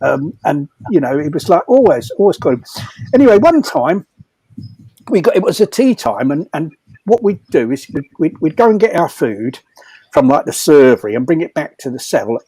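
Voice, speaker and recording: A man's voice: a little high, sing-song, normal speed, mellow, husky, dry recording, poor audio. An older man telling prison anecdotes casually, repeating words and laughing as he goes. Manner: rambling, repeats words, laughs through his stories. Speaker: storyteller at a comedy fundraiser.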